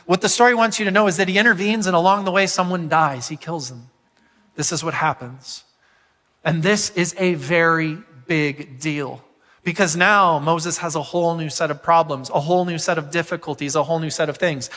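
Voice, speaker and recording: A man preaching a sermon as pastor, animated and often putting questions to the congregation. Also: a little high, normal speed, long reverb tail. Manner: animated, asks the crowd questions.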